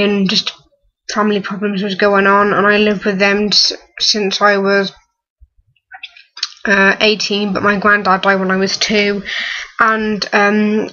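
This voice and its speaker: A young woman in her early twenties, close to tears, talking haltingly with many fillers and restarts in a personal vlog. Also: medium pitch, sharp tone, highs cut off. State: on the verge of tears. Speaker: vlogger.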